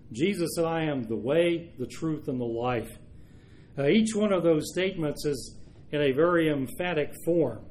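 Man preaching a measured sermon. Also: a little high, a little mellow. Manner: measured, slows for emphasis on key verses. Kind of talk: sermon reading and explaining scripture.

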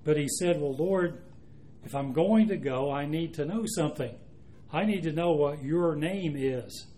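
Emphatic male preacher, slightly high voice. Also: mellow. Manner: emphatic, slows down to stress quoted scripture. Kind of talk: sermon.

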